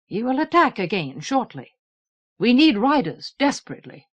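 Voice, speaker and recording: Woman narrator doing a brisk king in a book reading: commanding, firm, slightly raised voice. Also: fairly high pitch, sing-song, a bit bright. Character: middle-aged male king, commanding and brisk.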